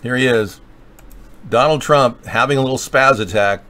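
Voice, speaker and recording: A man's voice: mid-range voice, moderate pace, bright, forceful tone. A man hosting a political livestream, rambling and joking with sarcasm. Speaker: livestream show host.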